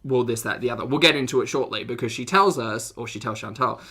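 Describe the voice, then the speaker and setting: Talking fast in a rumbling low voice that's a bit bright and slightly rough, a young streamer reacts to videos. She speaks directly to her chat, casual and giggly, often trailing off before starting again.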